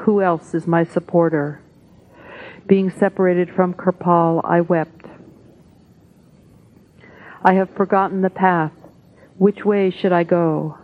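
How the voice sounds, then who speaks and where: A woman reading devotional texts aloud at a spiritual gathering, in a measured, solemn way. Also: fairly low pitch, fairly even intonation. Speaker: satsang reader. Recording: tinny phone-like audio.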